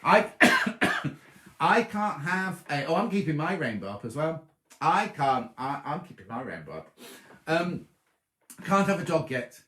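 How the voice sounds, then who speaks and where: A man's voice: on the high side, sing-song, unhurried, sharp tone, echoey room. A man hosting a casual sewing live stream from his bedroom, rambling chattily and answering viewers by name, a little throaty. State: slightly throaty. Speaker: sewing show host. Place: bedroom at home.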